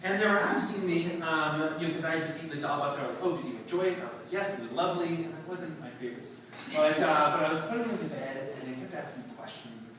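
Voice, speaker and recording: A man's voice: a little high, fast. Man, young, storytelling talk, acts out voices, distant mic, roomy echo, noisy background. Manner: animated storyteller, acts out dialogue with laughs. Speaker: speaker at a reception talk. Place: event room, recorded from a distance. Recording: echoey room, far-off mic, background noise.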